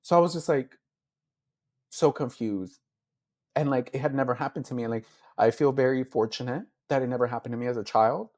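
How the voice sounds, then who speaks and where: A man's voice: mid-range voice, brisk, a little mellow. Candid man recounting his story. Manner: heartfelt, filler-heavy, acts out his own past thoughts. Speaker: interview guest, beauty influencer. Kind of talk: candid emotional interview.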